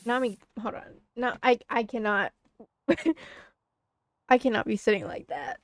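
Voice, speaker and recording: A woman's voice: a little high, a little slow, no echo. A woman streaming a game, chatting casually and muttering to herself as she plays. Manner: mutters to herself while playing.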